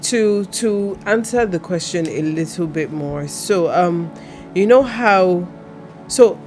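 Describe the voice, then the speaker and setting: A woman speaks on a parenting panel, measured and reflective, leaning on small fillers as she thinks aloud. Faint music sits behind her voice. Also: lowish voice, lively intonation, darkish tone. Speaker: panel guest, mother. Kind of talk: casual panel chat.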